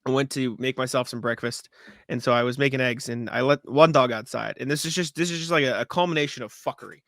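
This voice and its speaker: Bright-voiced man telling a story. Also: mid-range voice, fast, dry recording. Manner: animated storytelling, swears freely, laughs often. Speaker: podcast co-host. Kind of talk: casual sports podcast chat.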